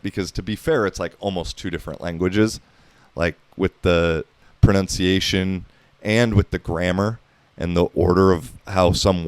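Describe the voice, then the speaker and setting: This podcast host is an American man in his thirties with a deep, clean voice, recorded dry. His talk is casual and meandering, packed with profanity and filler.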